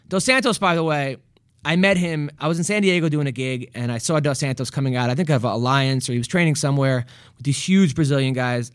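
High-voiced man rambling jokingly. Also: fairly bright tone, dry recording, studio quality. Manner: rambling, joking, frequent restarts. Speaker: comedian. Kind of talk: casual comedic monologue.

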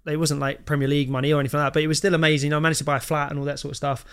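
A man's voice: a little high, racing, smooth. A man in his thirties, a goalkeeper guest on a podcast, telling stories in casual chat and acting out the quoted lines. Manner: animated anecdotes, acts out quoted lines.

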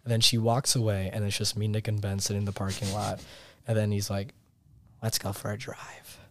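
A young man with a low voice tells a long, rambling story on a podcast. He acts out the other people's lines and laughs along as he goes. The sound is dry and close. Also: fast talker, no echo. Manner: animated, laughing storyteller acting out quotes. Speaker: podcast guest. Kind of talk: casual storytelling. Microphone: podcast mic set slightly far.

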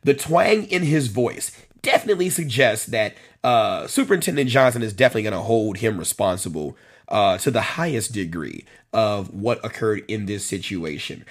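Husky man hosting a live stream. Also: lowish voice, expressive, moderate pace. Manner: conversational, repeats phrases for emphasis, addresses commenters by name. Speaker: host of a policing talk show. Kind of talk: live-stream commentary reading viewer comments.

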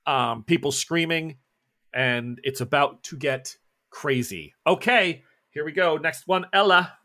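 A man with a bright, fairly high voice narrates a tabletop horror game as its game master. He describes the chaos in a steady way and slips in jokes and laughs. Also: a little slow. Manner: laughing, joking asides.

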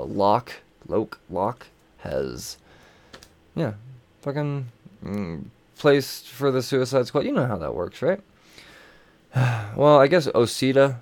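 A man's voice: mid-range voice, creaky, a little mellow. A man casually recapping comic books, rambling and swearing freely, with many fillers and restarts. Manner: rambling, profane, with frequent fillers. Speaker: comic book reviewer.

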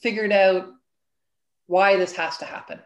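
A woman's voice: mid-range voice, fairly even intonation, unhurried, lo-fi sound. A woman author speaking as a guest in a casual interview, earnest and thoughtful, with frequent fillers.

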